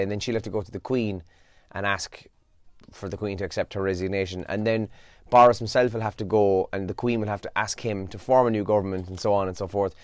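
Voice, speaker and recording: Man, radio host, tired, casual chatty headline reading, lowish voice, dry close sound. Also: no echo. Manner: casual and chatty, with yawns and asides. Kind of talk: solo breakfast show, reading newspaper headlines.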